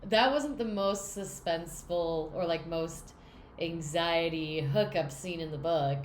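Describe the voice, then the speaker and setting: Young woman, lowish voice, rambly and teasing on a book podcast, echoey room. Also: measured pace, a little hiss or hum. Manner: rambling, teasing, restarts sentences. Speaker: podcast co-host. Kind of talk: casual book-club chat.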